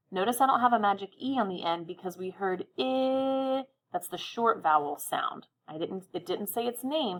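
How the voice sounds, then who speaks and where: A woman teaching a phonics lesson, sounding words out slowly and encouraging young learners. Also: medium pitch. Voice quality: slow, carefully sounds out words. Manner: patient, encouraging, stretches words out.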